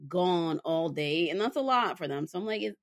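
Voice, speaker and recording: Young woman telling lively family stories. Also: fairly low pitch, normal speed, dry recording, studio quality. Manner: animated storytelling, acting out her kids' voices. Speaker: podcast co-host. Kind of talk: casual chat.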